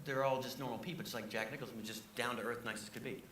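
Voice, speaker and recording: A middle-aged man, a comedian guest, telling animated anecdotes and laughing as he talks. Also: medium pitch, slight background noise. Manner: fast, excitable, laughing anecdotes. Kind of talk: animated storytelling. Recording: echoey room, distant mic.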